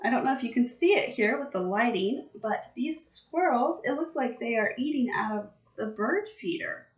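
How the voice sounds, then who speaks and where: Young woman, classroom teacher, slow sing-song child-directed speech, recorded from afar on a dull webcam. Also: on the high side, expressive. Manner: slow, exaggerated teacher talk for small children. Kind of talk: vocabulary lesson for young children. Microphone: laptop webcam. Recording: distant, roomy, dull webcam audio.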